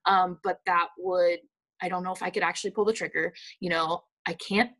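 A young woman from the rural United States recounting a personal loss in a halting testimony full of fillers and restarts. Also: on the low side, steady tone, fairly bright tone, rough recording.

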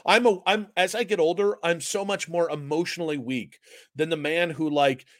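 A man's voice: on the high side, fairly even intonation, moderate pace, dry recording, clean studio sound. A man co-hosting a casual sports podcast, telling rambling, self-mocking stories and breaking into giggles. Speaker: podcast co-host.

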